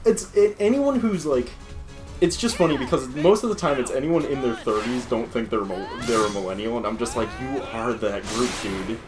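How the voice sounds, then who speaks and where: A man's voice: medium pitch, brisk, music in the background. Rambling, profane young man gamer. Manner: rambling, profane, laughs often. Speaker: gaming podcast co-host. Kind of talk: casual gameplay chat.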